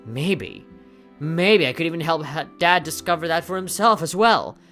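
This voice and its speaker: A woman's voice: deep voice, expressive, normal speed, fairly bright tone, faint music behind. A woman voicing an anxious teenage boy who loves digging, pleading and upset, read aloud from a game. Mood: touched.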